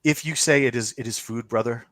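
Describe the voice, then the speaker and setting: Guy doing a playful bee spirit lady, hushed and slow, kinda lilting, tabletop game voice. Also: mid-range voice, no echo, close to an everyday voice. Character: playful mischievous female bee-swarm spirit.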